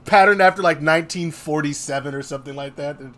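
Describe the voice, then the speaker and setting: A man's voice: a little high, fast, a bit bright. A man co-hosting a live stream, chatting casually in a loose, rambling way and laughing often. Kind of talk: casual group chat.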